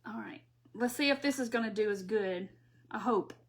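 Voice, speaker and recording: A woman's voice: a little high, normal speed. A middle-aged woman from Mississippi with a Southern accent, chatting casually through a crafting live stream and reading viewer comments aloud.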